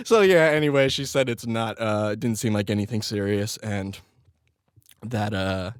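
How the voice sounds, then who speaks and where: A man's voice: lowish voice, measured pace, clear, resonant tone, dry recording, clean studio sound. A young man hosting his own podcast, telling a crude, self-mocking story in casual chat and laughing often. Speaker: podcast host.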